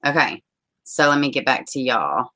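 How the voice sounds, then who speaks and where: Chatty low-voiced woman host. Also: big pitch swings, normal speed, pushed and bright. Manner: chatty, reads out viewer comments, blunt and swears. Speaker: livestream host. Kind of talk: casual live-stream chat. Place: home.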